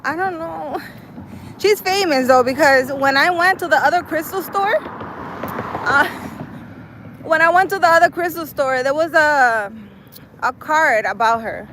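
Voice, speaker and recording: Out walking in a city park, a woman chats on a live stream, reading her chat and rambling full of "like" and "I don't know." Her voice is high-pitched and fairly bright, unhurried with long pauses; the recording is rough with slight background noise.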